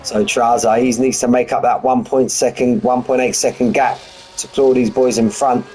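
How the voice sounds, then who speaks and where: A man's voice: medium pitch, steady tone, normal speed, darkish tone, a little hiss or hum, low-quality recording. A man giving live race commentary in a chatty, rambling, jokey way. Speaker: sim racing commentator.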